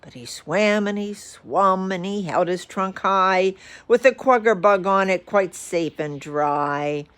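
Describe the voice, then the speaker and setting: A woman reading a rhyming picture book aloud with lively expression. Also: mid-range voice, slow, clear, resonant tone. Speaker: storyteller.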